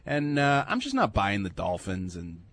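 A man's voice: lowish voice, wildly swooping pitch, a bit bright, no echo. A man co-hosting a sports radio show, casually making game picks with jokes and teasing asides. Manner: joking, teasing, quick asides.

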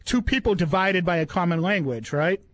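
A man's voice: sits high, animated, moderate pace, fairly bright tone, no echo, low-quality recording. A man with a Boston accent, hosting a casual comedy chat, joking and stretching out his phrases with repeated words. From New England. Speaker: podcast host.

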